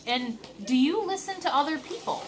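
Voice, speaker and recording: A woman talking earnestly to her camera in a reflective vlog, stressing words by slowing down. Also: high-pitched, animated, a little hiss or hum. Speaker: vlogger.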